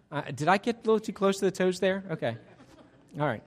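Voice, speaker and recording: An energetic male pastor leading an interactive sermon. His voice sits slightly high. He talks in a chatty way and often restarts his sentences. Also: fast talker.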